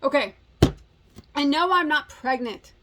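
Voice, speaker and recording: A woman's voice: high-pitched, lively intonation, measured pace, background noise. A woman in her forties hosting a crochet channel, chatting casually in a rambling, self-mocking, joking way. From United States. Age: 40s. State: slightly out of breath. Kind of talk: casual chat.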